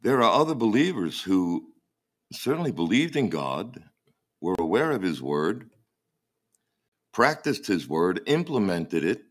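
Deep-voiced man preaching a sermon. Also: sing-song. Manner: halting, repeats words as he searches. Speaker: pastor.

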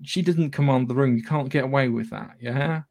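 A man's voice: mid-range voice, moderate pace, gravelly, darkish tone. A man co-hosting a podcast in casual chat, blunt and sweary, rambling with frequent restarts. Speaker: podcast co-host.

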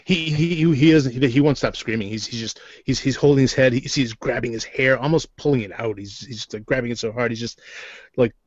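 A man narrating as game master in a tabletop game, halting and full of restarts. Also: medium pitch, no echo. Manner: halting, many fillers and restarts. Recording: dry, dull lo-fi sound.

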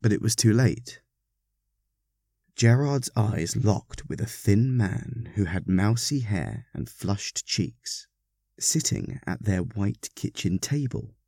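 A man reading a story aloud, narrating in an expressive, wry manner. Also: fairly low pitch, slow, creaky, dry recording, clean studio sound.

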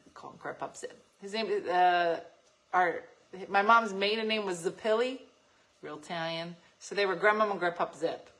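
A woman hosting a morning show, telling lively family stories with frequent laughter. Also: lowish voice, normal speed, rough recording. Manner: animated and laughing, acts out voices in anecdotes. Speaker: radio show host. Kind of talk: casual chat, storytelling.

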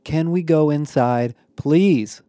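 A man's voice: a little high, takes it slowly, mellow, dry recording, clean studio sound, pitched above the performer's own voice. A man voicing an exasperated, sarcastic young woman who drawls her words.

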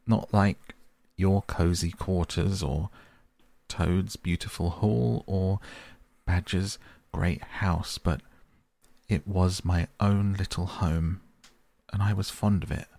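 A man's voice: sits low, fairly even intonation, slow pace, creaky, darkish tone, heavily acted. A man voicing a tearful, timid, homesick male mole who pleads in a sobbing rush. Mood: tearful pleading.

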